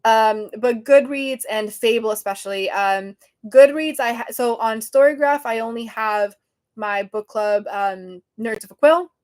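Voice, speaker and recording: A woman's voice: on the high side, measured pace, a little mellow. A woman hosting a casual livestream from her phone, chatty and flustered, laughing often. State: sweating and flustered. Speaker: livestream host.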